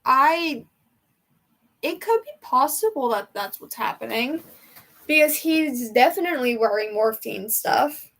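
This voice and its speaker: A woman's voice: fairly high pitch, big pitch swings, moderate pace, vocal fry, a bit bright. A young woman hosting a casual livestream from home, chatting to her viewers in a rambling, emotional way. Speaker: livestream host. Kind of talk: casual chat with live chat.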